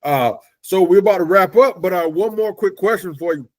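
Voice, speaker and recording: Brief: enthusiastic male interview host, a touch high-pitched, halting delivery. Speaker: podcast host. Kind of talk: casual interview chat.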